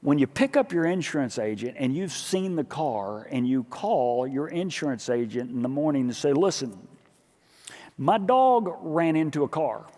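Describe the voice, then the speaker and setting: A man preaching a sermon as pastor, telling a story with lively acted-out dialogue. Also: medium pitch, normal speed, few pauses. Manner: animated storytelling, acting out dialogue in his own voice. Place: church sanctuary. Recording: church hall with long reverb.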